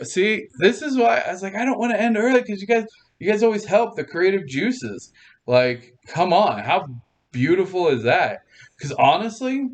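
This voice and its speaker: A man hosting a livestream, chatting casually with his viewers. He talks at an unhurried, slow pace in a medium pitch. He rambles playfully, restarts his sentences and laughs often. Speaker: livestream host.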